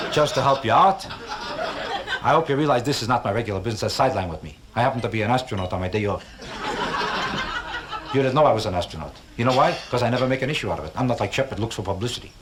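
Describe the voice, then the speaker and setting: A man doing a stand-up comedy routine, talking in a sing-song way, firing rhetorical questions at the audience and making boastful, self-mocking jokes. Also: mid-range voice. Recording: live club album with audience laughter and vintage background hiss. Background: audience laughter.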